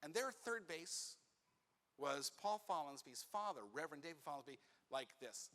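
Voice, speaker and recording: A man, a rabbi, telling a personal story in a sermon, animated and acting out the voices of the people in it. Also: fairly high pitch, moderate pace. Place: synagogue sanctuary. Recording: reverberant hall.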